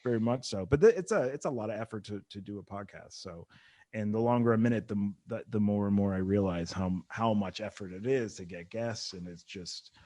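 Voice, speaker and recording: Guy on a comedy podcast, kinda low voice, rambly, lots of likes, dry close sound. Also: a little fast, dark tone, no room sound. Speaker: guest comedian. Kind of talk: casual podcast chat.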